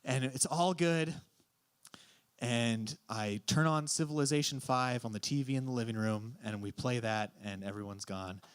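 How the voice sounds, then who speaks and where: A teenage man telling a story at an open mic, lively and acting out the voices in his quotes. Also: medium pitch, normal speed, clear, resonant tone. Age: teens. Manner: animated, acts out voices in quotes. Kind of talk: live storytelling.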